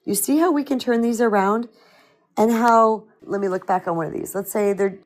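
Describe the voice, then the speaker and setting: Middle-aged woman, spiritual coach on a live stream, crackly voice, chatty and animated, mid-range pitch. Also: a little fast. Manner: animated and chatty, reads out viewer comments.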